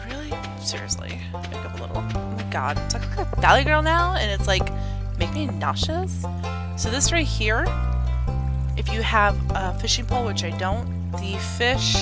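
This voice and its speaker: A woman chatting through a gameplay stream in a bouncy, expressive voice that rises and falls freely. She thinks aloud and corrects her own words. Loud game music plays behind her. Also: medium pitch. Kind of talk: casual gameplay commentary.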